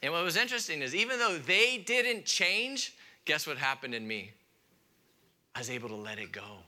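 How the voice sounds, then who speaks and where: A man preaching a sermon in an animated way, acting out his listeners' objections in a raised voice and dropping quiet on key points. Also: fairly high pitch, normal speed. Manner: drops to a quiet, soft delivery on key points. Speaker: pastor.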